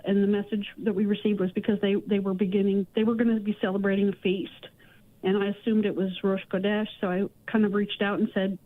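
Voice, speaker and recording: A woman from Texas phoning in to a radio show, trying to be concise and sounding a bit upset. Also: mid-range voice. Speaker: caller. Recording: tinny phone line.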